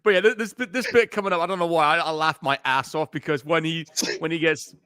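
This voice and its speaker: A man co-hosting live movie commentary, chatting with excitable, laughing banter. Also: fairly high pitch, fast talker, clean tone, no echo, clean studio sound. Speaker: co-host.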